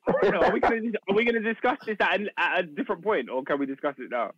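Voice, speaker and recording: A man keeping a loose sports talk on track with slangy takes. His voice is high and bright with a lively, wide-ranging pitch. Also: rapid-fire, highs cut off. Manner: slangy, steers the discussion. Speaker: podcast co-host. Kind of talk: casual chat.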